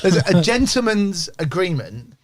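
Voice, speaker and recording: A man's voice: sits high, a crowd in the background. A man bantering about football on a casual podcast, swearing and joking. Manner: animated, swearing, quick banter. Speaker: podcast co-host. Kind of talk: casual pub-style football chat.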